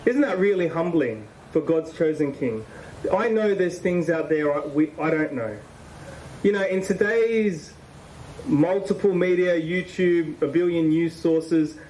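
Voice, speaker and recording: A man's voice: a little high, a little mellow, recorded from a distance, slight background noise, low-quality recording. A man preaching a sermon in a conversational, emphatic way, repeating phrases for stress.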